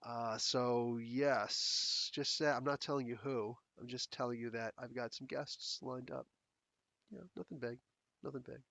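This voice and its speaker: A man's voice: medium pitch, steady tone, a little slow, vocal fry, a bit bright. A man hosting his own podcast in casual chat, rambling and blunt with a sarcastic edge. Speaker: podcast host. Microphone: close desk mic.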